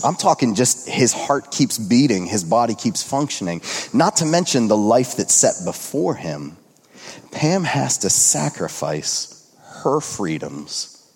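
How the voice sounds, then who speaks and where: A male pastor in his thirties delivers a conversational sermon in a somewhat low voice. He talks earnestly, dropping to a hush and then rising with excitement. The sound carries a long reverb from a large hall. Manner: earnest, shifting between hushed and excited.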